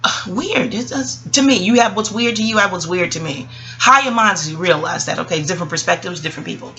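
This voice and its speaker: Woman, New York accent, rambling casual monologue, talks to viewers as y'all, crisp bright voice. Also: medium pitch, fairly quick. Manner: digressive, chatty, addresses viewers as y'all. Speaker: astrologer and vlogger.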